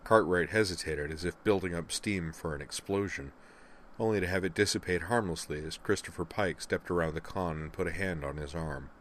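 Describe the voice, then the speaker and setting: Low-voiced male audiobook narrator. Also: a little fast, a bit bright, slight background noise. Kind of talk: scripted narration.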